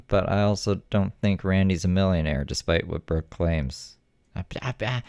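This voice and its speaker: A man with a very low voice talks through the clip in a relaxed, sarcastic way, doubting what he hears. His voice is close to the mic and completely dry, with no room sound. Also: normal speed, smooth, no echo. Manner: sarcastic, skeptical, offhand. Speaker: commentary streamer. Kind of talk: casual commentary.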